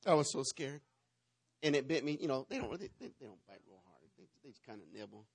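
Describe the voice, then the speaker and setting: A man's voice: medium pitch, expressive, fast talker, very noisy. A man preaching a sermon, telling a playful, dramatic story and acting out the parts. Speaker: pastor.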